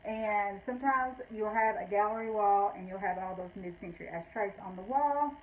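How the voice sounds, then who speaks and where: A woman's voice: medium pitch, normal speed, muffled recording. An older woman, out of breath, chatting casually as she shows items from her vintage shop and rambles, correcting herself along the way. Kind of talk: casual live sale talk.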